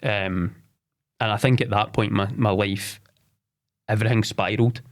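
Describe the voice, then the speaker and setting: A fairly low-voiced man in his forties tells his life story on a podcast. He speaks candidly and haltingly, stumbling over repeated words and restarting his sentences as he goes. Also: fairly even intonation. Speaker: podcast guest.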